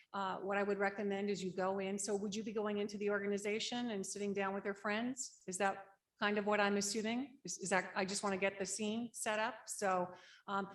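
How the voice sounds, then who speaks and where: A woman leading a conference workshop on grief support. She explains the steps in a practical, conversational way and often checks in with "right?". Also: medium pitch. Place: conference room.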